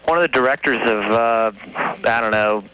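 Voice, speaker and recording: A man's voice: mid-range voice, moderate pace, fairly bright tone, slight background noise, rough recording. A man calling in to a radio show, chatting in a friendly way. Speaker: caller. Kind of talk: casual phone-in chat.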